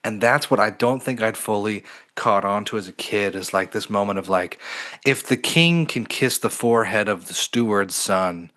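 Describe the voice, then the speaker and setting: A man co-hosts a casual conversational podcast, speaking at a moderate pace in a fairly low, slightly bright voice. He is reflective and earnest and uses many fillers.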